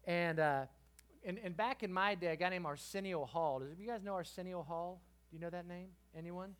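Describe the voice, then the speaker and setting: A middle-aged man preaching to a youth group, telling a story with lively swings between quiet and loud. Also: high-pitched, moderate pace. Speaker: guest preacher. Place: church youth service.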